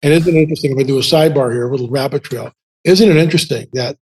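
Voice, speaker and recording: A man in his seventies, a podcast guest telling casual stories in an animated, rambling way full of restarts. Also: mid-range voice, very fast, slightly rough. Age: 70s. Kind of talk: casual storytelling.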